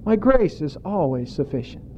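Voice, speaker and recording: A man preaching a sermon in a deliberate way, drawing out emphatic words. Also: fairly high pitch, very animated, a little mellow, highs cut off, slight background noise. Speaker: pastor.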